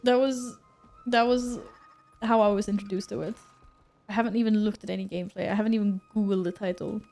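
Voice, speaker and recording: A woman's voice: mid-range voice, steady tone, brisk, dark tone, soft background music. A woman streamer chatting casually while she plays a game, reading out and answering her chat and laughing often.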